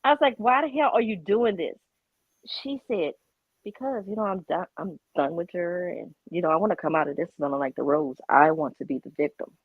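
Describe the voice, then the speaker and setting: A woman's voice: fairly low pitch, a little fast, slightly rough, dry recording. Woman telling gossip over a tinny line. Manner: expressive, acts out quotes, emphatic repeated denials. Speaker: guest on a drama commentary stream. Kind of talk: animated storytelling chat. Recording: tinny phone-like call audio.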